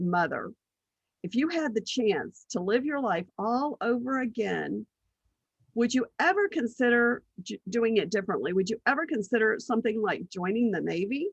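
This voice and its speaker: Lively storytelling woman, dry close sound. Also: medium pitch, slightly rough, no room sound, lo-fi sound. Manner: animated anecdotes, acts out quoted voices, laughs often. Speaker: guest, business strategist. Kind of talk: casual storytelling interview.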